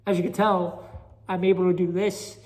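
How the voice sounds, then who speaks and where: He has a high voice with little pitch movement, a slightly mellow tone and a moderate pace. This New York Italian-accented amateur stand-up comic rambles restlessly through a casual solo podcast, self-deprecating about his act. The phone recording carries echoey chamber reverb and slight background noise.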